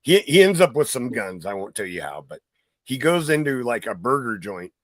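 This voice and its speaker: Man, podcast host, casual chat, rambling with fillers, bright tense voice, dry sound. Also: medium pitch, sing-song, normal speed, dry recording. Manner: rambling storyteller, many fillers.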